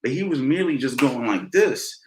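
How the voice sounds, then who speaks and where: A man coaching boxing in a casual question-and-answer session, talking in a relaxed way and often adding "you know" and "man". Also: medium pitch, normal speed, reverberant, a little hiss or hum, poor audio. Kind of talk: casual Q&A instruction.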